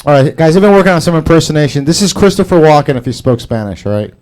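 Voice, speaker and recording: A man's voice: fairly high pitch, lively intonation, fairly quick, pauses often, darkish tone. A man doing stand-up at an open mic in a small garage, rambling and self-mocking, with a lot of profane crowd work. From Salvadoran and Brazilian heritage. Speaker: stand-up comedian.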